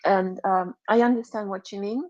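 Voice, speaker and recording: A woman from Ukraine, hosting a live audio chat, talking in an emotional, rambling way with many fillers and soft laughs. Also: medium pitch, steady tone, normal speed. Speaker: host. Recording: muffled lo-fi audio.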